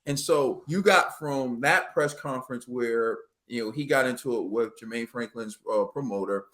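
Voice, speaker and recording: A man co-hosting a casual boxing talk show, telling the story in an animated, slangy way and acting out quotes. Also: medium pitch, moderate pace.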